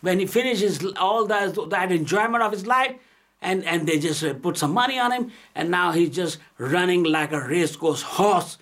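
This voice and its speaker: Man, higher-pitched and gravelly, scolding and combative political rant. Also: moderate pace, a bit bright. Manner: aggressive, scolding, repetitive. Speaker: political commentator.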